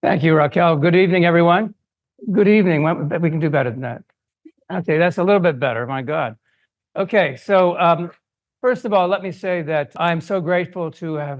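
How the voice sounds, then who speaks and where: An older man giving an academic lecture to an audience, telling a story and acting out the voices he quotes. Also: fairly high pitch. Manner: animated, acts out quoted voices. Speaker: guest lecturer. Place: lecture hall.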